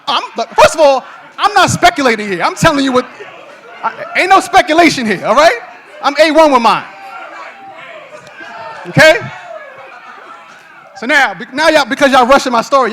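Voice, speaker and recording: Man telling a story to a crowd, high voice. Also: expressive, a bit bright. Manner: talks in quick restarts, laughs often, checks in with "right?". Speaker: podcast host. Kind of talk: animated storytelling to a live audience.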